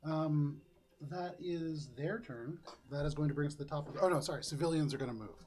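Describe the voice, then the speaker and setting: A man running a tabletop game as game master, narrating casually with frequent throat-clearing and fillers. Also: a little high, a little fast, darkish tone.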